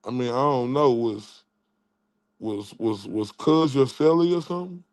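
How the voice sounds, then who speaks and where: A man's voice: mid-range voice, expressive, measured pace, dry recording. A man hosting his own stream, taunting and mocking someone in a trash-talking rant, often stammering and repeating words. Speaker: channel host.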